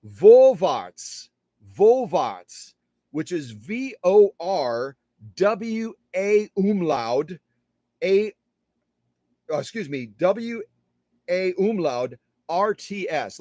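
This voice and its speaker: A chatty middle-aged man talks to the camera in his workshop, his voice sitting a little high and swinging widely in pitch. The sound is dry and close, with no room echo. He pokes fun at himself and slows right down to spell words out letter by letter. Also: big pitch swings, a little mellow. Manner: chatty, self-deprecating, spells words out slowly. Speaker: sewing machine restorer. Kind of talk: casual demonstration to camera.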